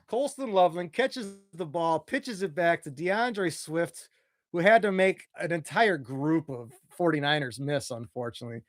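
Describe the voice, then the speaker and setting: A young man calls football as an anxious, excitable fan, his voice leaping whenever a play unfolds. His voice sits slightly high. The sound is dry and close, with little room around it. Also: no echo. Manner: nervous, excitable, voice jumps when plays unfold. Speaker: fan commentator.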